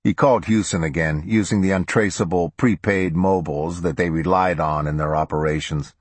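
A man narrating a crime novel as an audiobook in a steady, measured way. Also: low-pitched, no room sound. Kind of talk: scripted narration.

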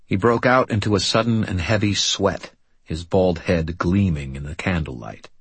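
A man narrating a first-person audiobook in a steady, understated way. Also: deep voice, moderate pace, husky, no echo.

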